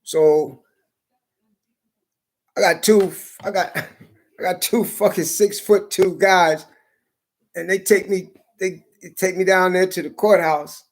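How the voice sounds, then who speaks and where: High-voiced man, fiery profane rant, pushes into shouting. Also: fairly even intonation, takes it slowly, long pauses. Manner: heated, swearing, rising into shouts. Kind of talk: profane ranting monologue.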